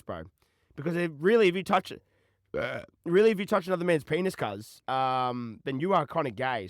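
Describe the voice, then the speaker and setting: A man's voice: a little high, a bit bright, no room sound, clean studio sound. A young Australian man hosting a call-in podcast, rambling in slang and ending lines with "cuz" and "bro.". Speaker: podcast host. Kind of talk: casual chat answering callers.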